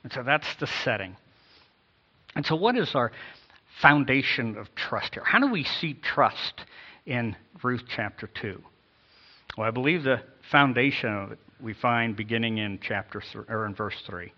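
A man's voice: mid-range voice, lively intonation, unhurried, bright, forceful tone, muffled recording. Emphatic man preaching a sermon. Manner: emphatic, repeats key phrases, reads scripture with inflection. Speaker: pastor.

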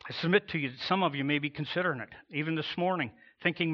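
A man preaching a sermon as pastor, emphatic, with dramatic pauses and swells in volume. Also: fairly high pitch, dull audio.

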